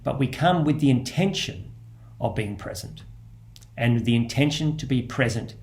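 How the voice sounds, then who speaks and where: Speaking at a normal speed in an animated, mid-range voice, an Australian priest reflects gently on prayer. He thinks aloud, circling back to key phrases and restarting his sentences.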